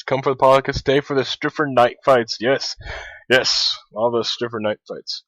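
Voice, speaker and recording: A man's voice: mid-range voice, steady tone, normal speed, a bit bright, no room sound, soft background music. A man hosting a casual podcast, laid-back and wry as he reads out chat messages. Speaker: podcast host. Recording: dull, dry lo-fi sound.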